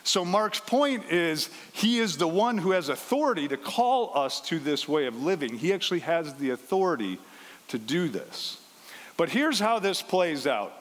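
A pastor preaching a conversational sermon, walking through a scripture passage and briefly acting out the voices in it. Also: male voice, on the high side, sing-song, moderate pace. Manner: conversational, acts out the quoted lines. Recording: long hall reverb.

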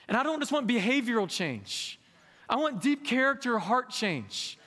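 High, bright-voiced male pastor preaching. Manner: candid, conversational preaching with emphatic rises. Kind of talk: sermon. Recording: echoey hall with long reverb.

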